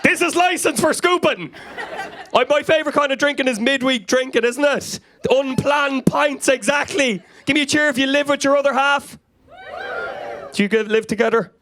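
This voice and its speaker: High-voiced Irish man doing stand-up. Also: normal speed, fairly bright tone, a little hiss or hum. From Ireland. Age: 30s. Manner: frenetic, anecdotal, crowd-working. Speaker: stand-up comedian. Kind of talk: stand-up comedy set. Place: comedy club stage before a live audience.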